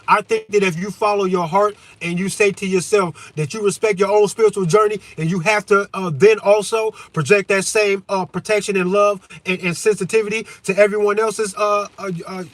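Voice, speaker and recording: Male streamer, high voice, profane fervent rant, halting fillers, swings from low musing to shouting. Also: fairly even intonation, no echo. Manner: heavy hesitation fillers.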